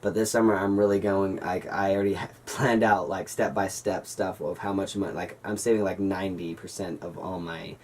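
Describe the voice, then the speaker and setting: A man's voice: low-pitched, fairly even intonation, normal speed, few pauses, recorded from a distance. A young man in his late teens telling a story in a casual vlog, rambling with lots of fillers and self-corrections. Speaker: vlogger.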